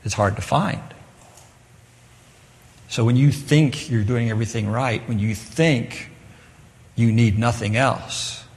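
Male preacher, mid-pitched, casual sermon delivery with forceful scripture readings, reverberant hall. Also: slow, pauses often. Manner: conversational, switching to loud emphatic scripture reading. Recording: long echo of a large hall.

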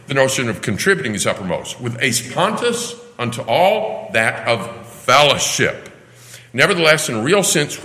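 A man's voice: mid-range voice, bright, forceful tone. A man teaching a Bible lesson in a church classroom, emphatic and full of rhetorical questions. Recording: echoey hall with long reverb.

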